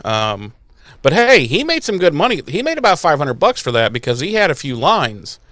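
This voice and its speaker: In studio-quality audio with no echo, a male podcast co-host with a voice on the high side recaps an episode at normal speed. The chat is casual, animated, and profane, with plenty of jokes and silly voices.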